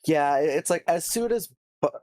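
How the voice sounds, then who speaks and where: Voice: mid-range voice, lively intonation, moderate pace, a little mellow, no echo, clean studio sound. A player in a tabletop game, chatting in an easygoing way. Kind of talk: casual chat.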